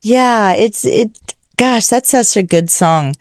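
A woman tells a story in casual conversation, gushing and animated. Her voice sits at an ordinary pitch. It is recorded close and dry, with no room sound. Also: slow pace, dry recording. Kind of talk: casual chat.

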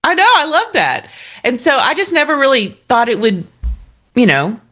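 A woman's voice: sits high, very animated, normal speed, fairly bright tone. A woman co-hosting a casual chat show, animatedly telling stories and reading listener comments aloud. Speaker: radio show co-host.

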